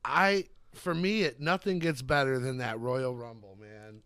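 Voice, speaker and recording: A man's voice: mid-range voice, measured pace, a bit bright, smooth, dry recording. A man co-hosting a podcast, reading listener questions in an easygoing, casual way. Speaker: podcast co-host. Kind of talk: casual chat.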